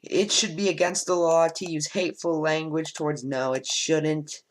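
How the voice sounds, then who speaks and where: A man's voice: fairly high pitch, fairly even intonation, normal speed, low-quality recording. A man and let's play host, reading quiz statements aloud and answering them bluntly, with frequent ums, on a home desk microphone.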